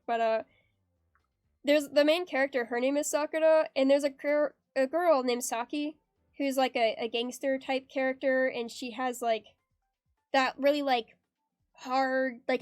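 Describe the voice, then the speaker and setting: Bubbly high-voiced woman streamer. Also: dry recording. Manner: bubbly and giggly, reads chat aloud. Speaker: art streamer. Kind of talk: casual chat while drawing on stream. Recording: dry close sound with faint background music.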